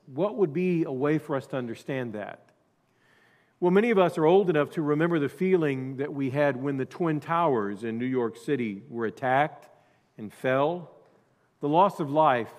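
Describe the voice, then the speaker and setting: A male pastor preaching a sermon, dropping to quiet asides and then rising to loud emphasis. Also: mid-range voice, long reverb tail.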